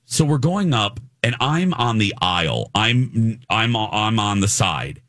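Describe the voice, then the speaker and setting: A man hosting a talk show, telling a travel story in a rambling, animated way with lots of fillers. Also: fairly low pitch, slow, no room sound, studio quality. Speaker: radio show host. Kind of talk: casual storytelling chat.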